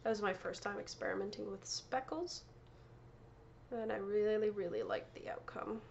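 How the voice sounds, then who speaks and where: A woman's voice: medium pitch, normal speed, creaky, dull audio, slight background noise. A woman hosting a knitting podcast, chatting casually and showing off her yarn and prizes, often correcting herself and laughing. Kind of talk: casual show-and-tell chat.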